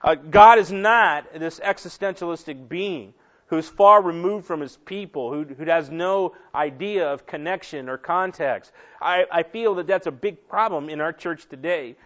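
Male pastor, conversational sermon, slightly high voice, lo-fi recording. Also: a little slow, a bit bright. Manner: conversational, repeats and restarts words. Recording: dull lo-fi recording.

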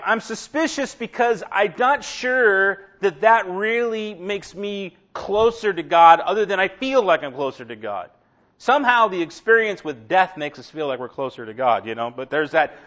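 A middle-aged man preacher giving a conversational sermon, humorous and animated, with many asides. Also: sits high, moderate pace, highs cut off.

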